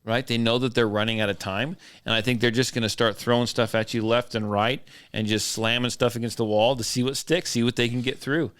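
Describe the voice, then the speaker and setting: A man's voice: medium pitch, fairly even intonation, fairly quick, few pauses, a bit bright, smooth, no echo. A man hosting a podcast in casual chat, loose and joking about himself. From southern Idaho. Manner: loose, joking, self-deprecating. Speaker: podcast host.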